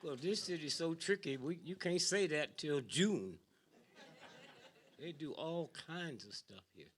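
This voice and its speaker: Older man preaching slowly, huh?. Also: expressive, some chatter behind. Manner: punctuates lines with "huh?" and "hmm?", swings from low mutter to loud outbursts. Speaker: speaker addressing an audience. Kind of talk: preaching-style speech to a live audience.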